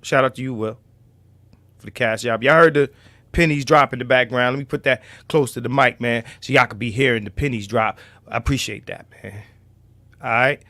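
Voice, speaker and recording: A man hosting a casual livestream, loud and profane, now and then dropping to a low mutter. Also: moderate pace, dry recording. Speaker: livestream host.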